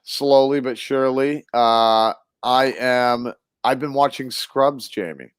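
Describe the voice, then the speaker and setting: A man's voice: mid-range voice, slow, smooth, no echo, studio quality. A man co-hosting a casual chat show, eager and reactive, laughing easily as he listens. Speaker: podcast co-host.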